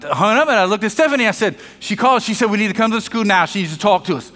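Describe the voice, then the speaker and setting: A man preaching from the pulpit, his bright, forceful voice sitting a little high. He tells a personal story with joking asides and acts out each line of dialogue. Long reverb from a large sanctuary carries him, with soft music underneath. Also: expressive, fast. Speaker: pastor. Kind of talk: sermon.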